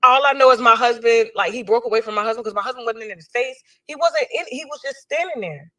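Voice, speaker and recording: A woman's voice: on the high side, fast talker, sharp tone. A woman, animatedly recounting an incident and acting out the voices of people in it. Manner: acts out quotes in shifting voices. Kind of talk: animated storytelling.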